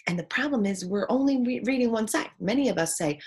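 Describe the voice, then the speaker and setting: A woman talking in a casual, reflective monologue, earnest in tone and acting out quoted voices with sudden jumps in pitch. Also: lively intonation, moderate pace, darkish tone, breathy edge. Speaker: teacher sharing opinions.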